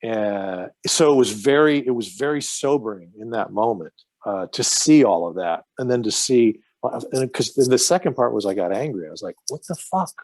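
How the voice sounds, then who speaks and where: A man's voice: on the low side, normal speed, darkish tone, no echo. A man telling stories as a podcast guest in casual chat, profane and rambling with many restarts.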